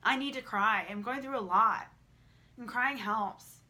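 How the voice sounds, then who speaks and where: A woman's voice: on the high side, a little slow, sharp tone. A young woman talking candidly to camera in a vlog, emotional and repetitive, swearing freely. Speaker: vlogger.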